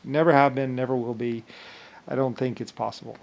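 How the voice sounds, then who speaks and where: A man's voice: mid-range voice, fairly even intonation, fairly quick, vocal fry. A man talking in a rambling monologue, circling back with repeated filler phrases and frequent restarts.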